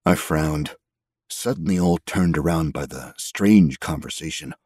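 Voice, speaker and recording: A man reading a story aloud in the first person, measured and steady. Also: a bass voice, slightly rough, no room sound, clean studio sound. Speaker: audiobook narrator. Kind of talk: scripted story narration.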